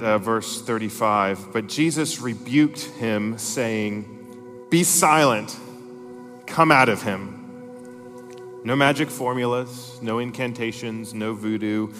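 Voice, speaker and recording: A man's voice: on the low side, a bit bright. A man preaching a sermon, reading scripture aloud with emphatic, rising intensity. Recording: long reverb in a large hall, faint music.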